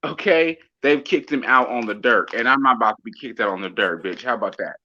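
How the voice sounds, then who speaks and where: A man's voice: mid-range voice, brisk, bright, forceful tone. A man in casual chat, adding short reactions and telling stories from his own past, with some hesitations. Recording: dull lo-fi sound.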